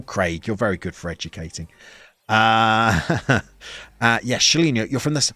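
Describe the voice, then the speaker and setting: A man's voice: on the low side, gravelly, no room sound. Chatty man streaming a game. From England. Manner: chatty and playful, with sudden excited outbursts. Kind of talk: live stream commentary, chatting with viewers.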